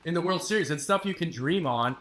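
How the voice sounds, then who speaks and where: A man, a newspaper sports reporter, giving measured, confident analysis as a guest on a casual podcast chat. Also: on the high side, animated, fairly bright tone.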